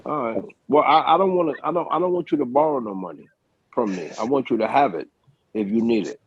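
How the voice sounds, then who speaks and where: A man's voice: medium pitch, animated, fast talker, slightly rough, no room sound. A man on a video call chatting casually and insistently, repeating himself to make a point. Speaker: podcast co-host. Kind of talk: casual chat. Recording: dull lo-fi video call audio.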